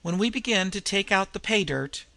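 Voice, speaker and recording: A man voicing a kind young woman who reads a letter aloud gently. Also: high voice, animated, moderate pace, gravelly, no echo, voice pushed up, full character voice. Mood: reading.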